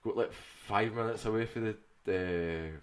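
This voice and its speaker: A man's voice: lowish voice, measured pace. A man with a Glasgow accent, co-hosting a podcast and telling a sweary story in casual banter. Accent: Glaswegian. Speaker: podcast co-host. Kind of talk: casual chat.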